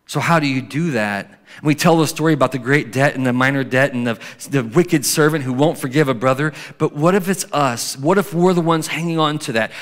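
A male pastor preaching a sermon in a conversational way, slowing and softening when he reads scripture. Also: medium pitch. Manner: conversational preaching, drops to soft slow scripture reading. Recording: long hall reverb.

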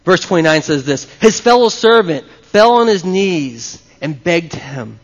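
A male pastor with a high-pitched voice gives an animated live sermon at a measured pace, frequently pausing to chat with the congregation. Long reverb carries his voice through a church hall, and the audio sounds somewhat dull and lo-fi.

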